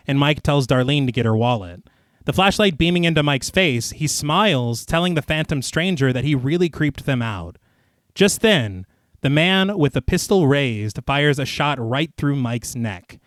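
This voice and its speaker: A man's voice: medium pitch, lively intonation, moderate pace, no echo, studio quality. A man co-hosting a podcast, recapping a film scene by scene and adding chatty asides, laughing often.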